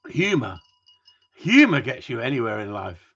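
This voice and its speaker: A man's voice: mid-range voice, sing-song, moderate pace, gravelly, a bit bright, slightly rough, muffled recording. A man, a dog trainer hosting a live stream, chatting casually and ranting at length while reading out viewer comments, swearing freely.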